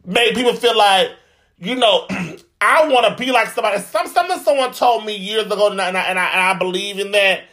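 A man's voice: high-pitched, a little fast, sharp tone. A man giving sassy, profane, dramatic commentary in a casual vlog. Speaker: vlogger.

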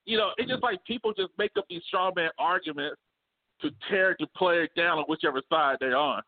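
High-voiced animated man on a phone line. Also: brisk. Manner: animated, laughs often, slangy. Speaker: podcast co-host. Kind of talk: casual sports debate. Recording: phone-like remote call audio.

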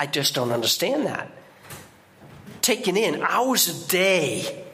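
Bright-voiced man preaching with sudden emphasis. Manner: conversational preaching with repeated restarts and sudden high emphatic outbursts. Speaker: guest preacher. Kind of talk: sermon. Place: church.

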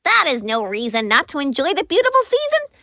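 A woman doing a squeaky, bubbly little bunny. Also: brisk, no room sound, studio quality, full character voice. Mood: cheerful. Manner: bubbly, excitable storybook voice. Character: cheerful, playful little bunny.

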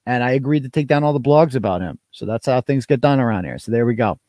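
A man's voice: mid-range voice, expressive, quick pace, a little mellow, no echo. A man hosting a live stream, chatting casually and reading out donation messages with loose, crude jokes. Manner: loose, joking, crude asides. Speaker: host.

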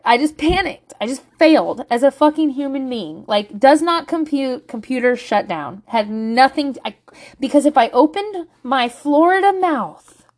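A woman, telling a candid, profane parenting story in a vlog monologue. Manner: profane, animated, swings to loud and high when laughing.

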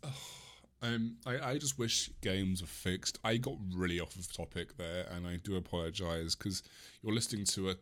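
A man's voice: low-pitched, normal speed, fairly bright tone. A man in his mid-twenties ranting on his own, swearing often, restarting sentences and apologising for rambling. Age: mid-20s. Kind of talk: solo rant.

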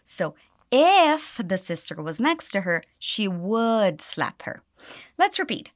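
A woman teaching English pronunciation, reading dialogue lines and slowly modelling phrases for learners to repeat. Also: medium pitch, very animated, no echo, clean studio sound. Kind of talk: pronunciation lesson with repeat drills.

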